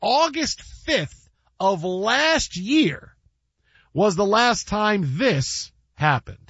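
A man hosting a sports talk show, telling lively stories in a high voice and acting out what he said. The sound is dry and a bit dull, close on a studio mic. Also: extremely slow, breathy edge, dry recording. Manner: animated storyteller, acts out his own quotes. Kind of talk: casual sports talk chat.

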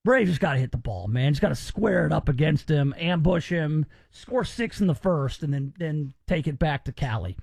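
A man's voice: a little high, animated, normal speed, creaky, few pauses, a little mellow, dry recording. A male radio talk show host giving emphatic, opinionated commentary in a chatty way.

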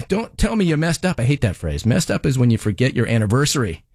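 A man's voice: mid-range voice, big pitch swings, a little fast, a little mellow, no room sound, studio quality. A man doing a scolding sarcastic TV judge. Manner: sarcastic, scolding, mocking the defendant. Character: stern, scolding female TV judge handing down rulings. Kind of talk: comedic courtroom monologue.

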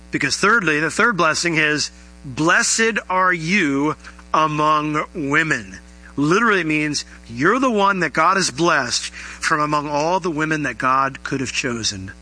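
A man preaching a sermon, animated, often acting out the voices he quotes. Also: on the high side, poor audio. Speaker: pastor.

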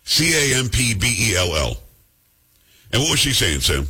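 A man hosting a radio show, bantering casually with teasing, animated storytelling and acting out other people's lines. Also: fairly low pitch, normal speed, breathy edge.

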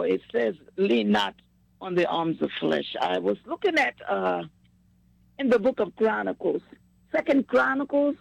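A gravelly woman who gushes and repeats herself, drifting into preaching. The room is dry and close, with no echo. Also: on the high side, a little mellow. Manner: effusive, repetitive, preachy. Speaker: singer sharing news with family. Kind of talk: casual chat.

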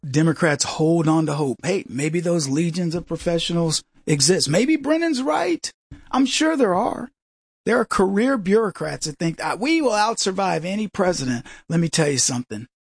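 A man hosting a talk radio show, delivering a mocking, animated monologue and acting out other people's voices. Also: fairly high pitch, normal speed, slightly rough, dry recording, clean studio sound.

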